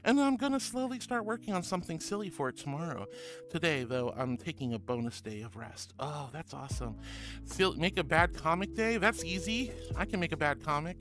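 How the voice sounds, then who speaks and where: With music behind him, the streamer sounds animated, his voice a little high, a bit bright and slightly fast. He hosts his casual livestream in a bubbly, affectionate way, reading chat messages aloud and calling people honey and sweetheart.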